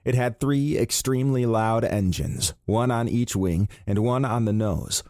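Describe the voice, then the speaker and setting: A man reading a thriller audiobook in a calm, measured narration. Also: mid-range voice, no room sound, studio quality. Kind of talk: scripted narration.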